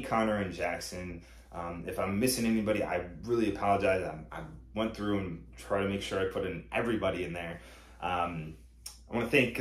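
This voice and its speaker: Deep-voiced man, echoey room. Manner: earnest, full of thanks. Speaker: comedy company owner. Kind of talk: live-streamed announcement speech.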